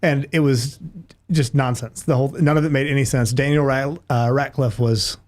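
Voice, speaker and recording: A man's voice: mid-range voice, steady tone, moderate pace. A man as a podcast guest in casual chat, rambling a little as he eagerly sets up a joke he loves. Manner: rambling storyteller, eager to tell a favorite joke.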